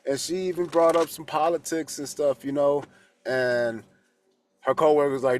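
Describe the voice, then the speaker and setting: A man's voice: mid-range voice, fairly even intonation, unhurried, long pauses, a little mellow. Rambling, candid male tarot coach. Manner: rambling and candid, swears freely, restarts often. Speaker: holistic coach and tarot reader. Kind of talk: casual spoken reflection.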